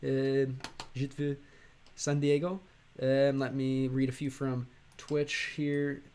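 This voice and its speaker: An American man from Chicago chatting casually on a livestream, rambling and halting, with many fillers and restarts. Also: medium pitch, monotone, darkish tone, slight background noise. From Chicago, USA. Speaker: streamer and language learner.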